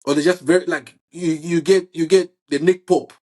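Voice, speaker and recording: Guy with a husky, kinda high voice, rambling about football, lots of restarts. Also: steady tone, a little mellow. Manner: halting, many restarts, says "bro" and "you see what I'm saying". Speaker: football fan guest. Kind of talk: casual football chat.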